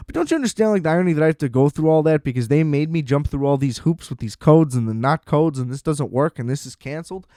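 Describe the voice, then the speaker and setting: A man hosting a podcast alone rants in an exasperated, profane solo monologue, acting out sarcastic back-and-forths. His fairly high, dark-toned voice moves quickly with hardly any pauses, recorded at studio quality with no room sound.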